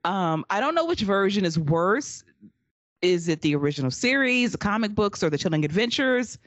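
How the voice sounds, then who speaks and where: A woman's voice: lowish voice, normal speed, no echo. A woman co-hosting a wrestling podcast, recapping matches in casual chat and often breaking into laughter. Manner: laughs often, animated storytelling. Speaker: podcast co-host.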